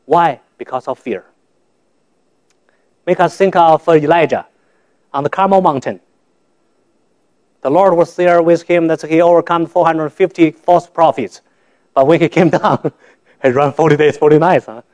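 A man from China, giving a church testimony in halting, simple English, often repeating and restarting words. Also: a little high, a little mellow. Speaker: guest speaker giving testimony.

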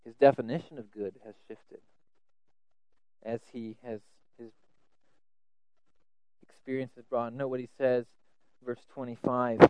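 A man preaching a sermon, earnest, often repeating words as he stresses a point, swinging between loud emphasis and soft asides. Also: mid-range voice, level tone, a little slow, long pauses, clear, resonant tone, dry recording, dull audio.

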